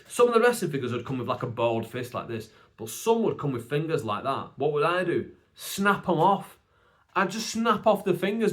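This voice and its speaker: A young man with a Bolton accent, a stand-up comedian telling funny stories from his childhood on his podcast in a loose, chatty way. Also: fairly high pitch. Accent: Northern English, Bolton. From England. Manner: animated, acts out family voices, chatty asides to the viewer. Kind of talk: casual comic storytelling.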